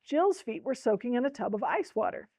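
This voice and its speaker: A woman's voice: on the high side, very animated, brisk, darkish tone, dry recording, rough recording. A woman presenting a book talk, reading a storybook aloud with expression and speaking directly to her listeners. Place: library talk.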